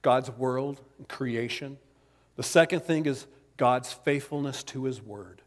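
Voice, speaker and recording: A man's voice: mid-range voice, slow pace. A man preaching a sermon in a church sanctuary, talking conversationally with jokes and asides. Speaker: pastor. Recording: long reverb of a large hall.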